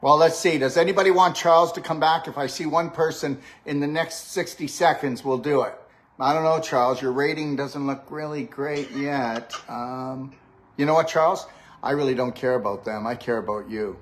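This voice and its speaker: Hosting a live-stream with a guest, this older health practitioner speaks in a mid-range voice at a moderate pace. He's upbeat and coach-like, frequently asking "okay? all right?"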